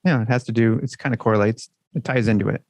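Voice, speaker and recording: A man co-hosts a podcast in easy, joking banter, with plenty of swearing. His voice sits at an ordinary middle pitch, and the close mic leaves the sound dry. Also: quick pace, darkish tone, no echo. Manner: chatty, joking, swears freely. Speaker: podcast co-host.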